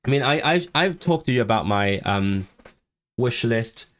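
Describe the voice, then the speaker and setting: A man's voice: mid-range voice, animated, a little slow, fairly bright tone. A man chatting casually on a livestream, rambling and restarting his sentences with repeated words. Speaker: language-learning streamer.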